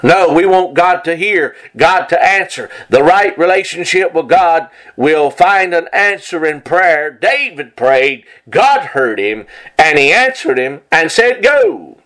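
A man delivers a sermon in a somewhat high voice. He reads scripture aloud, then presses his points home by repeating them. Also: expressive, slow, fairly bright tone, poor audio. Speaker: preacher.

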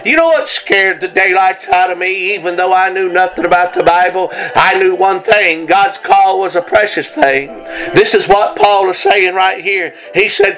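A man preaching an impassioned revival sermon, swinging between urgent bursts and slow, drawn-out lines. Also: sits high, fairly bright tone, soft background music, low-quality recording.

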